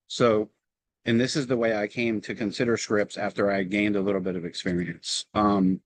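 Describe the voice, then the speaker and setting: A man with a Southern drawl talks through his approach on a video call. His voice sits fairly low, and his manner is relaxed and explanatory, with filler ums between thoughts. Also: normal speed, no echo, rough recording. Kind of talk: casual meeting talk. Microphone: video call microphone.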